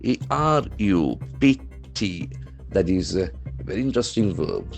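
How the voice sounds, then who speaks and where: Indian english guy teaching words from the paper, lowish voice that swings up and down a lot, spells stuff out, hammers the stress. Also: sing-song, a little slow, creaky, soft background music. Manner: spells words out letter by letter and repeats them with marked stress. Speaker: English trainer. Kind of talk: newspaper vocabulary lesson.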